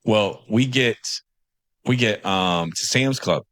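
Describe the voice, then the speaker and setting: Low-voiced man telling stories, dry sound. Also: slow pace, no echo. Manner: animated anecdote-telling, acting out quotes. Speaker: podcast co-host. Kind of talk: casual storytelling. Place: studio.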